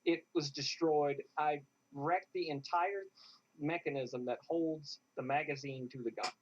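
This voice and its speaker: Animated man telling a story. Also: fairly high pitch, unhurried, slight background noise. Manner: animated, acts out what others said. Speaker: interview guest, airsoft player. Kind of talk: casual storytelling. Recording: dull lo-fi sound.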